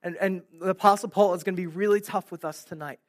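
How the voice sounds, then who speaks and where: A man's voice: high-pitched, steady tone, fast talker. A young adult man preaching a sermon to a room, telling a story and acting out the dialogue. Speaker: pastor. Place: room with live audience.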